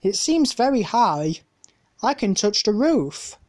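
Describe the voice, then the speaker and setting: A woman's voice: mid-range voice, takes it slowly. A woman voicing an eager, spirited young girl in a storybook reading. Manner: excited, pleading.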